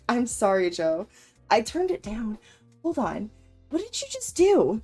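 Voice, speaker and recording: A woman's voice: fairly high pitch, wildly swooping pitch, a little slow, a little mellow, breathy edge, soft background music. A woman game streamer chatting casually to her viewers, emotional and stammering, often laughing as she talks. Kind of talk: casual live-stream chat.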